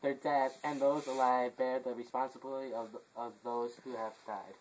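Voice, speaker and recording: A man's voice: mid-range voice, fairly even intonation, moderate pace, slight background noise, natural voice, poor audio. A man playing a messenger in an amateur play, reading his long report with stumbles, restarts and stifled laughs. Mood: grim. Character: messenger reporting deaths to the royal house.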